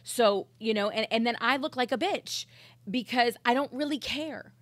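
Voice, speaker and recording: In a studio, a woman who co-hosts a podcast and a morning radio show chats casually in an intense, blunt and profane way. Her voice is on the high side and she talks at a normal speed. The recording is dry.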